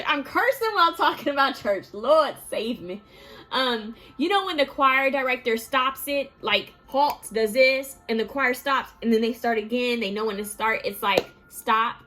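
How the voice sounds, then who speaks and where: Just-woken woman giving a relaxed tarot reading. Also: mid-range voice. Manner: relaxed, musing, talks to viewers directly. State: just woke up. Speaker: tarot reader. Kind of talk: pick-a-card reading.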